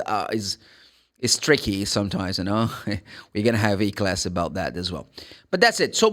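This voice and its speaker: A Brazilian man whose first language is Portuguese teaches English vowel sounds in a relaxed, joking way. His voice sits a little high and swings up and down freely. He repeats his points and laughs at himself. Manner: chatty, jokey, repeats phrases, laughs at himself. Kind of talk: casual online pronunciation lesson.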